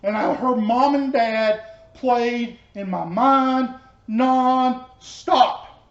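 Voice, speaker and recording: A man giving a personal testimony as a pastor, telling his story earnestly and dropping soft and low in tender moments. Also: extremely slow. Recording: echoey, dull room sound.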